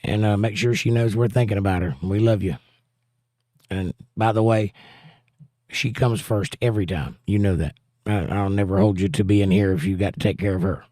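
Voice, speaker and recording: A man's voice: fairly low pitch, steady tone, moderate pace, mellow, no room sound, studio quality. A man hosting a livestream in a casual chat, reading out viewer comments with a jokey, chatty manner.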